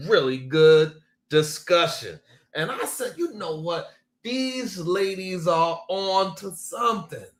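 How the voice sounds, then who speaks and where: Male live-stream host, unhurried and playful, echoey room sound. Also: on the high side, fairly bright tone. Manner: greets chatters by name, laughs often, playful. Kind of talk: casual live-stream chat.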